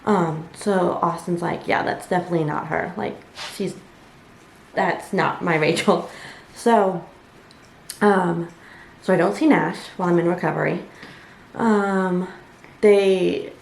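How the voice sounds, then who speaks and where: Young woman with a gravelly voice. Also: lowish voice. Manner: conversational, many fillers and quoted asides. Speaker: vlogger. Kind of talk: personal storytelling. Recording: echoey room with faint ambient noise.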